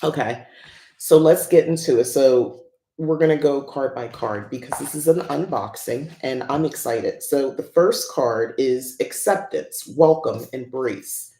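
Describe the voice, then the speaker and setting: A woman's voice: rumbling low, a little slow, warm tone, reverberant. A woman hosting a casual unboxing chat who rambles and laughs often. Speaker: host.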